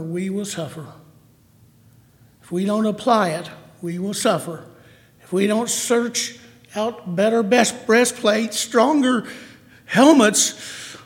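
Male church speaker, slow emotional sermon, gravelly, long hall reverb. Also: high voice.

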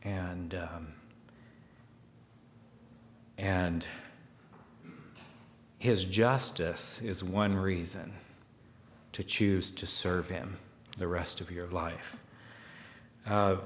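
A man preaching a sermon, slow and hesitant, with fillers and restarts, growing louder as he reads scripture aloud. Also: low voice, in a large hall.

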